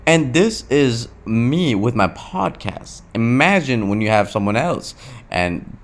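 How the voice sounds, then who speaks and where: Gravelly young man venting to camera. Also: medium pitch, very animated, slow. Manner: restless and emotional, swearing, repeating himself, saying "bro". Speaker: vlogger. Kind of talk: confessional talk to camera.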